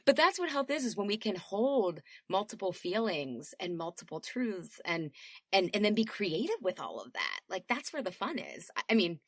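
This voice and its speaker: A woman in her thirties, a guest on a podcast, talking in a lively casual way, laughing often and acting out little quotes. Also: mid-range voice, normal speed, dry recording, clean studio sound. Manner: animated, laughs often, acts out voices in quotes. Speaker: podcast guest, health coach. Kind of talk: casual chat.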